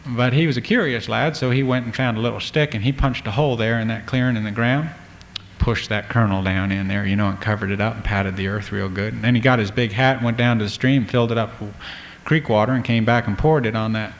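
A man's voice: on the low side, brisk, a little hiss or hum. A man telling a folk tale in a folksy, drawling way, talking to the listener. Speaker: storyteller.

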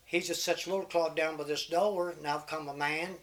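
A man's voice: on the high side, fairly even intonation, moderate pace, fairly bright tone. An older man telling folk tales and tall tales in a rambling, folksy way. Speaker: storyteller.

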